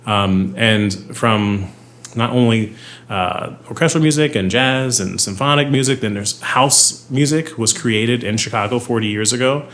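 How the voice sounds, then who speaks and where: A man's voice: mid-range voice, unhurried, a bit bright. A man giving an informative interview answer, speaking proudly of his city.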